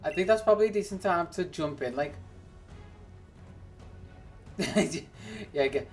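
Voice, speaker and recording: A streamer talks loosely to their chat while playing, wandering from one thought to the next and breaking into laughter often. The voice sits at an ordinary middle pitch. Faint music plays underneath. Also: a little slow, long pauses. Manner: rambling and chatty, laughs often. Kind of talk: casual livestream chat while gaming.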